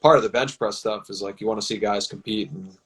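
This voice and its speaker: A man, a football team's personnel director, answering interview questions in a measured, explanatory way. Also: lowish voice, a bit bright, low-quality recording. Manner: measured, explanatory, with many fillers.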